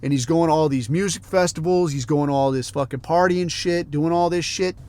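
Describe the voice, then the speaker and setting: A man's voice: on the high side, a little fast, a little mellow, clear, resonant tone. A middle-aged man hosting a podcast, telling rambling stories in a casual, heavily profane rant. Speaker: podcast host.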